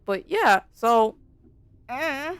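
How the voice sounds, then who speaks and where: Woman VTuber, slightly high and very clean voice, slangy and animated as she chats through a game. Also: extremely slow, smooth, no room sound. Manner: chatty, animated storytelling with slang. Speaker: VTuber streamer. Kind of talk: casual game commentary. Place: dark room at home.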